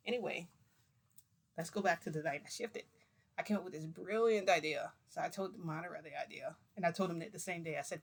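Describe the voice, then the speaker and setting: A woman's voice: sits low, quick pace. A young woman vlogger telling viewers a story in casual, rambling talk, full of "like" fillers.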